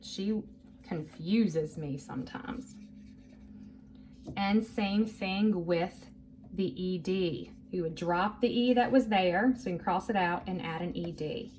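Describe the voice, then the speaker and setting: A woman's voice: lowish voice, takes it slowly, a little mellow. A woman teaching a phonics lesson to young children, patient and encouraging, drawing out each word for them to repeat. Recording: faint background noise.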